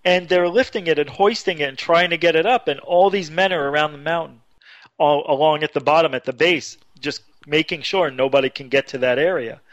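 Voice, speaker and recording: A man telling a long story on a radio talk show, getting more animated and higher as he goes. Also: a little fast, no echo. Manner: animated storyteller, rising pitch when excited. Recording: dull lo-fi radio audio.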